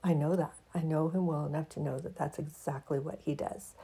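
Low, gravelly woman musing softly. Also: fairly even intonation, a little fast, hardly any pauses. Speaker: writer reading her own piece. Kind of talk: personal reflective monologue with reading.

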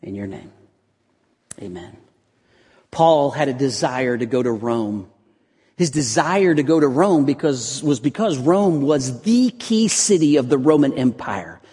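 A middle-aged man preaching a sermon as pastor, telling stories with lively animation and dropping to a hushed voice for prayer. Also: measured pace, breathy edge. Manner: animated storytelling, voice drops low and quiet for prayer. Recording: long reverb in a large hall.

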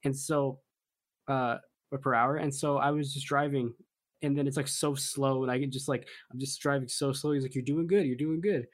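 A young man, a podcast co-host, in casual chat, relaxed and joking as he rambles through a story. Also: medium pitch, normal speed.

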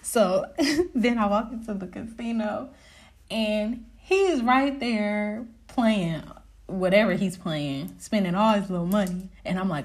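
Young woman, podcast host, casual storyteller, mid-pitched voice, animated, laughs a lot, curses freely. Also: takes it slowly.

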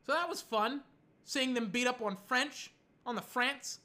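An American vlogger in a casual sports rant, animated and arguing back at imagined critics, a little tired. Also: mid-range voice, normal speed. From United States.

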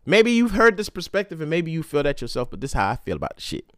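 A young man hosting a casual solo podcast, telling stories in a profane, slangy, animated way. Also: fairly high pitch, quick pace, no room sound, studio quality. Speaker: podcast host.

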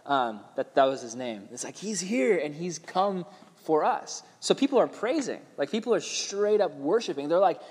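A young man preaching to a youth group in a relaxed, slangy way. His voice sits a little high, and he often drops into playful crowd voices. The sound carries a long reverb, as in a hall. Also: fairly quick. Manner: laid-back, slangy, says "like" often, acts out crowd voices. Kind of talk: casual sermon to a youth group.

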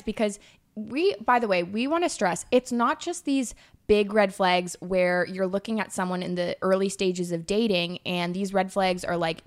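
A young woman co-hosting a podcast, chatting casually and giving firm opinions. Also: mid-range voice. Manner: emphatic, opinionated reactions. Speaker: podcast co-host.

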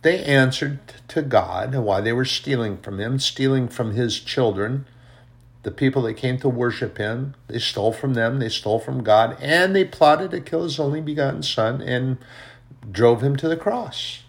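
A man's voice: mid-range voice, expressive, a little slow, vocal fry. A man preaching a fervent sermon on his own podcast, repeating phrases for emphasis.

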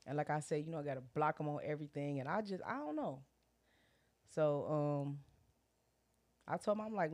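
A middle-aged woman casually telling a personal story, animated, full of slang and acted-out quotes. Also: low voice, normal speed, long pauses. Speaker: guest sharing her story. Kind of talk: candid casual chat.

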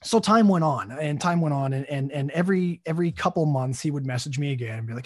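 A man's voice: fairly high pitch, fast, hardly any pauses, dry recording, clean studio sound. A man in his thirties, hosting a podcast and telling a story casually, with many fillers and restarts. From United States. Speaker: podcast host.

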